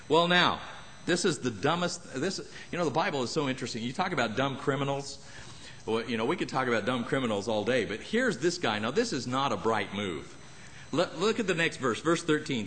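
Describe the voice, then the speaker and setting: Man, preacher, sermon in a church, lively pitch, acts out characters, humorous. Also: fairly quick. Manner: animated, acts out Bible characters with jumps in pitch; humorous asides, chuckles. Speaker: pastor. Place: church sanctuary.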